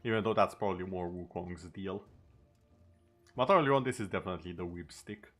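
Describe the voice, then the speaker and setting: A man's voice: deep voice, brisk, faint music behind. A male streamer in casual chat over gameplay, talking easily and tossing in sarcastic asides.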